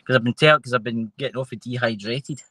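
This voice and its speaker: A man's voice: medium pitch, fast talker, pushed and bright, slight background noise, rough recording. A man with a Scottish accent hosting a casual chat show, rambling and trailing off mid-sentence. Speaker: host.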